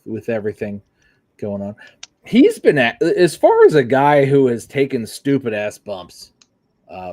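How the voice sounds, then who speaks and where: A man co-hosting a casual wrestling podcast, talking in an excitable, rambling way and swearing freely. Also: lowish voice. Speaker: podcast co-host.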